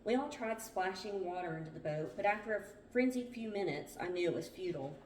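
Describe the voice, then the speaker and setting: A woman hosting a book club reads a survival memoir aloud as plain storytelling, with small stumbles. Her mid-range voice is a little fast and darkish in tone, with lively intonation. The recording is roomy and distant from the mic, with slight background noise.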